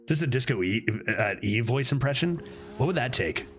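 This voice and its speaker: A man streaming a card game, thinking aloud in casual commentary and getting excited over close plays. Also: brisk, a little hiss or hum. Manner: excitable, thinks aloud, sometimes drops to a low put-on voice.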